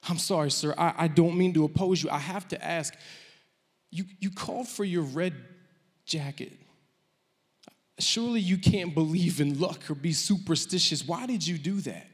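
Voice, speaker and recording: A man's voice: fairly high pitch, moderate pace. A jittery young first mate, stumbling over his words and apologizing, as a preacher acts him out. His voice rings in a hall with a long reverb. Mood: apologetic. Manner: hesitant, stammering.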